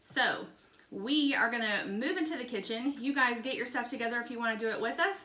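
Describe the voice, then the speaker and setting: A woman's voice: on the high side, brisk, sharp tone. A woman in her thirties, a mother, giving cheerful, patient step-by-step instructions to kids while cooking at home. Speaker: mother hosting a kids' science video. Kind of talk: casual instructional chat to kids. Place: home kitchen. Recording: echoey kitchen with clear background noise.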